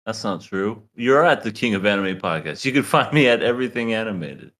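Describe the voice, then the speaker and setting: Brief: man, podcast co-host, low voice, animated delivery, loose jokey chatter. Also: brisk. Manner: joking, rambling, laughs often. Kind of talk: casual chat.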